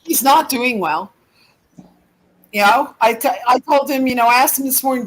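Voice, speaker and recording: A woman's voice: high voice, animated, fairly quick, fairly bright tone, breathy edge, poor audio. A woman angrily venting in a casual chat, exasperated and swearing often. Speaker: participant in a group chat.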